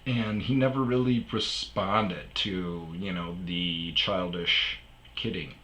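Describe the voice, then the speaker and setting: A man's voice: sits low, fairly even intonation, takes it slowly, bright, forceful tone, roomy sound, rough recording. A man hosting his own podcast, telling a rambling casual story full of fillers and asides. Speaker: podcast host. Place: sparse room at home.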